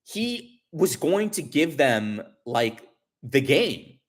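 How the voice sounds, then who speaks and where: A man in his forties chatting casually to his livestream viewers, rambling, restarting often and telling an animated story. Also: on the high side, extremely slow. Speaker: livestream host.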